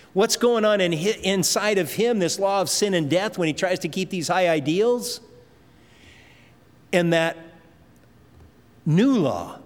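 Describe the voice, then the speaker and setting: A man preaching a sermon with emphatic delivery, repeating words and shifting his pace. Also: high voice. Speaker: pastor. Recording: long hall reverb.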